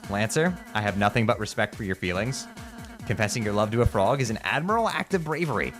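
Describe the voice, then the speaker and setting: A man reading game dialogue aloud during a playthrough, swinging between loud outbursts and low mutters. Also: lively intonation, fast talker, faint music behind.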